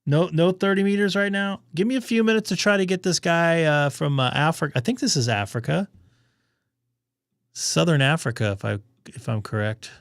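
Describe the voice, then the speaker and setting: A man with a fading voice casually hosts a ham radio live stream, rambling and thinking aloud with fillers. His voice is a little high at normal speed, studio quality with no room sound.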